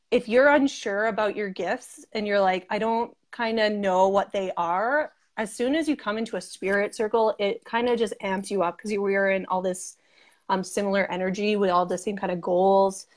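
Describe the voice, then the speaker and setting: A young woman talks in a bubbly, gushing way as an interview guest. Her speech is full of "like" and quick asides. She has a mid-range voice for a woman. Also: medium pitch. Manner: gushing, chatty, frequent "like" and laughs. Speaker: interview guest, group member. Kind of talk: casual chat.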